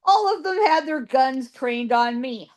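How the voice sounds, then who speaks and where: Woman, psychic guest, interview storytelling, emphatic repetition, slow delivery. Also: high voice, animated, darkish tone. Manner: emphatic, piles up repeated words. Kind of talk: telling ghost stories in an interview.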